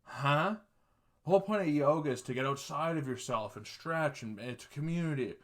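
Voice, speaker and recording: A young man from Canada hosting a podcast, telling rambling, sarcastic stories with plenty of swearing and quick laughs. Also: a little high. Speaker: podcast host. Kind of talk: casual comedic monologue.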